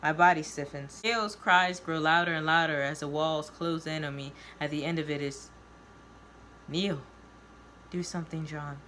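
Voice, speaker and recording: A woman reading a first-person novel aloud, expressive and voicing each character. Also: sits low, moderate pace, few pauses, slight background noise. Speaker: reader of her own novel.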